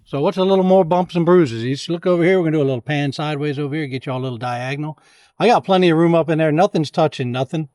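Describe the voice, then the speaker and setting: A man's voice: fairly high pitch, rapid-fire, a little mellow, dry recording, studio quality. A man, chatting folksily to viewers as he shows off his tractor setup outdoors. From Louisiana. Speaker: homestead vlogger. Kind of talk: casual product walkthrough.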